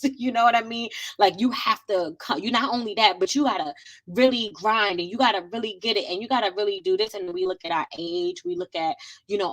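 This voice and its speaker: A woman, hosting a faith podcast, talking earnestly and conversationally, encouraging listeners with a preachy warmth and frequent laughs. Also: medium pitch, brisk, low-quality recording. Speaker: podcast host. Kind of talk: casual faith talk podcast.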